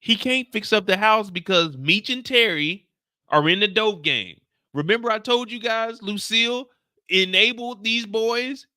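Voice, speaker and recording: A man hosting a live stream, recapping a TV episode in casual chat, animated and slangy and talking straight to his viewers. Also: sits high, a little slow, no echo, clean studio sound. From United States. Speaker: show host recapping a TV episode.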